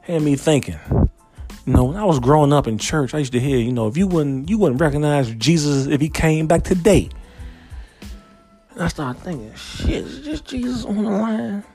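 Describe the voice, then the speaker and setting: A man hosting a comedic story time show, telling a tale in a profane, slangy, animated way. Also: fairly high pitch, moderate pace, faint music behind.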